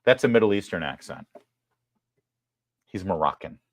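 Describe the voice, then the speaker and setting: Male host, lowish voice, sarcastic and emphatic, live political commentary, dry sound. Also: lively intonation, normal speed, no room sound. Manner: sarcastic, emphatic, apologetic asides.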